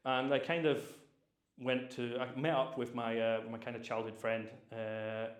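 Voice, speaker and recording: A young Scottish man, born Polish, chats through his past in a loose and rambling way, full of fillers and restarts. His voice sits at a middling pitch. The room around him is echoey. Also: flat delivery, moderate pace. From Scotland. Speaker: private chef, guest. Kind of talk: casual storytelling interview.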